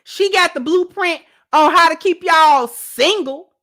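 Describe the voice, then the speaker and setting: A woman's voice: extremely high pitch, unhurried, a bit bright. A woman host giving sassy, emphatic reaction commentary on a dating clip and talking straight to her viewers.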